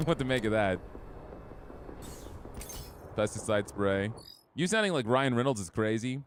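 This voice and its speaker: A man's voice: a little high, a little hiss or hum. A young man streaming a game, chatting casually and easygoing with his viewers. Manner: easygoing, chatty, talks to chat. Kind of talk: casual gameplay chat.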